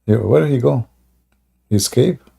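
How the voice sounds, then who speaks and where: This live streamer's mid-range voice has vocal fry and a husky quality, and he talks at normal speed. He keeps up sarcastic, mocking commentary in broken English, often climbing into loud, jeering exclamations.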